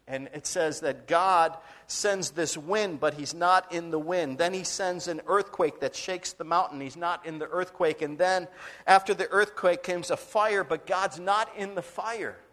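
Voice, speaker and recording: High-voiced man preaching a dramatic sermon. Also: measured pace, a bit bright. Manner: dramatic storytelling, acting out quoted voices, dropping to a whisper. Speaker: pastor.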